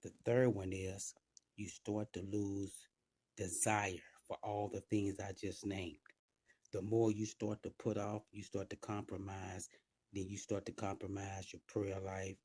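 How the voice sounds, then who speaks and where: A man with a low, dark voice preaches informally, talking straight to the listener with frequent asides. His tone is husky and relaxed, in a dry, close recording with no room sound. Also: unhurried, dry recording.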